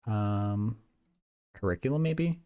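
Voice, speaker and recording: Stammering young man with a low, lively voice. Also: slow, smooth, dull audio. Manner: stammering, repeats words, chuckles. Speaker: livestreamer studying math. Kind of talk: casual livestream chat.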